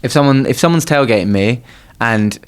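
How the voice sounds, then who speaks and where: A man's voice: mid-range voice, moderate pace, clear, resonant tone. A young man co-hosting a podcast, ranting bluntly and swearing in casual chat. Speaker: podcast co-host.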